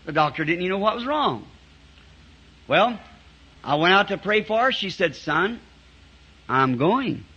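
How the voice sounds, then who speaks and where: High, bright-voiced folksy preacher man. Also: breathy edge. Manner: folksy storyteller who chuckles as he tells it. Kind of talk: storytelling sermon. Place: church meeting before a congregation. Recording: dull, muffled 1960s sermon tape.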